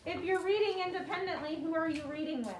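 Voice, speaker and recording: High-pitched lady teacher, slow clear call-and-response, echoey room, mic far off. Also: slight background noise. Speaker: second grade teacher. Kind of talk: classroom vocabulary lesson. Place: classroom.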